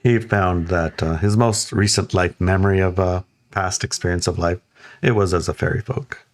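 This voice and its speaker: A man in casual conversation, telling a story in an animated way and acting out quoted lines. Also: deep voice, moderate pace. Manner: animated, acts out quotes in raised voices, laughs often.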